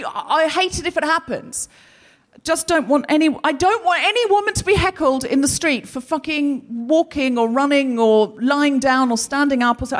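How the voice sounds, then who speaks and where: A woman from Australia hosting a live show, telling self-mocking comic stories in a chatty way. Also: fairly high pitch. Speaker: podcast host. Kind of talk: live stand-up comedy monologue.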